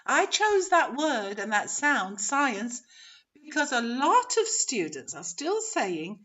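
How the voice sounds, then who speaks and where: A woman teacher trainer leading an online webinar, encouraging and modeling pronunciation slowly. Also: high-pitched, big pitch swings, a bit bright. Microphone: video call. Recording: dull lo-fi webinar audio.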